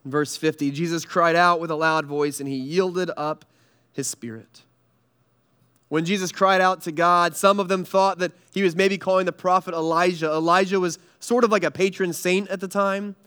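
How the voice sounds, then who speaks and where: Earnest high-voiced male preacher. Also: clean tone. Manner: earnest preaching with dramatic pauses, dropping soft and low for weight. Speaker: pastor. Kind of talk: sermon.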